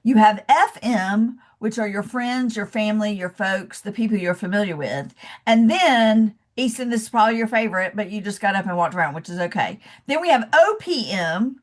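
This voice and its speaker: Over a video call, a woman coach with a Southern US accent gives a casual, encouraging webinar presentation. Her medium-pitched voice is animated and moderately paced, and she chats warmly, saying "y'all" and calling her listeners "love."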